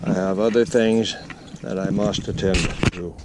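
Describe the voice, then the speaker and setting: A man's voice: low-pitched, measured pace. An older man narrating his fishing trip in a casual vlog, chatting playfully to the fish and his viewers from a small boat. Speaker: angler vlogger. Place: small boat on a lake outdoors. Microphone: boat-mounted camera mic. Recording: outdoor camera audio with steady noise.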